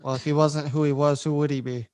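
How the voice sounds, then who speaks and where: Wisecracking man with a slightly high voice. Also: flat delivery, fast, a little mellow, clear, resonant tone, no echo, studio quality. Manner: crude, wisecracking asides. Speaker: podcast co-host. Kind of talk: casual podcast banter.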